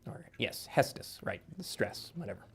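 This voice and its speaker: A man's voice: fairly low pitch, big pitch swings, normal speed, vocal fry, sharp tone, slightly rough. A man in casual podcast chat, a guest author explaining at length with lots of fillers and restarts. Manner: rambling, filler-heavy explaining.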